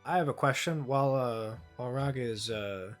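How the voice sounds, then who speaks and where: A man's voice: medium pitch, fairly quick, faint music behind. A man playing a tabletop game, rambling and joking with swear words in casual chat. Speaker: player.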